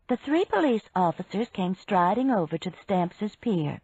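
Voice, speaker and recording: A woman narrating a mystery audiobook in an unhurried, expressive reading. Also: medium pitch, slightly rough, no echo. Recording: dry, dull lo-fi sound.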